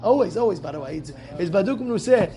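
A young adult male rabbi gives young students an animated, emphatic Torah lesson, telling a story, repeating phrases for stress and shouting in acted quotes. His voice is high and fast, with a little hiss or hum in the audio.

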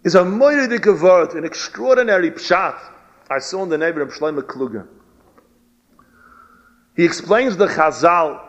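A man giving a storytelling sermon as a rabbi, animated and weaving Hebrew and Yiddish terms into his English. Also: sits high. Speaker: rabbi giving a Torah lecture. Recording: dull lo-fi recording.

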